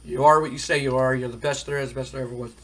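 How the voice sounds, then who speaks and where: A man voicing a jealous younger brother who wrestles, in a sarcastic, needling way, with a husky voice. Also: mid-range voice, steady tone, quick pace, fairly bright tone, close to an everyday voice.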